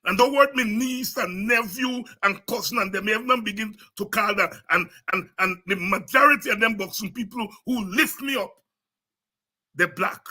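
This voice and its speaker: A husky-voiced man with a Guyanese Creole accent hosts a political show and preaches his points with fire and repetition. His voice sits high and sounds piercingly bright and tense. He drifts in and out of Creole as he talks. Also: normal speed. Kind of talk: impassioned political commentary.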